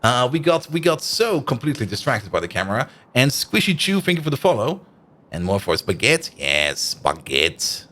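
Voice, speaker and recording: A man's voice: medium pitch, sing-song, brisk, bright, forceful tone. A man streaming a game live, chatting and thinking aloud as he plays and laughing often. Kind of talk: live stream commentary while playing.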